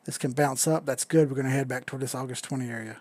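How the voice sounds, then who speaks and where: A man's voice: mid-range voice, steady tone, fast talker, darkish tone, no room sound. A man hosting a crypto live stream, talking casually and rambling while he charts, swearing now and then and reading out chat. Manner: laid-back, rambling, swears casually, reads chat aloud.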